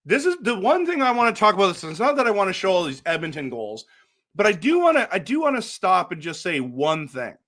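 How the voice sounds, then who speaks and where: A man hosting a hockey post-game show, talking casually over replays in a rambling, excitable way with frequent restarts. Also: high-pitched, a little fast.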